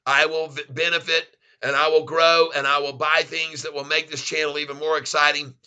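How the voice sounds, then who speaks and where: Excitable Southern man, bright forceful voice. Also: fairly high pitch, normal speed, clean tone, lo-fi sound. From Florida, US. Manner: excitable and effusive, thanks viewers often. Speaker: livestream host. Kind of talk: casual live stream chat.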